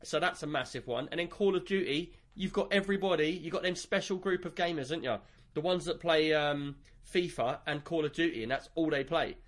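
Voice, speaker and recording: A man's voice: on the high side, brisk, few pauses. Teasing man on a call. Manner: teasing, banters. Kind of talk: casual gaming chat.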